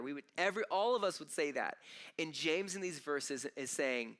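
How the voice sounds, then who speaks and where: A man preaching a sermon in a bright, forceful voice that sounds smooth and crisp. His pitch sits a little high for a man. He talks to the congregation conversationally, with emphatic repeated starts. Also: expressive, normal speed. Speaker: pastor. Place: church auditorium.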